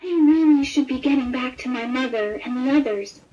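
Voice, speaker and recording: A timid little kitten from a picture book, speaking in a small, high, hesitant voice, as a woman reads her out. The sound is muffled and lo-fi, like an old toy recording. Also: brisk, natural voice. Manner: small, timid and soft-spoken. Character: shy little female striped kitten.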